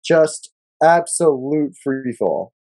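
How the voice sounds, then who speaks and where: A man's voice: medium pitch, lively intonation, slow pace, dark tone. A man co-hosting a casual sports podcast, reading stats and quotes aloud in a loose, profane way. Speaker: podcast co-host.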